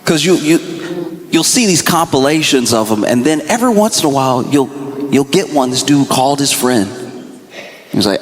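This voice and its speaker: A male stand-up comedian on stage with a handheld mic, telling rambling, animated stories and acting out his friends in high, shouty voices. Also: normal speed. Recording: echoey hall with audience laughter. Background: audience laughter.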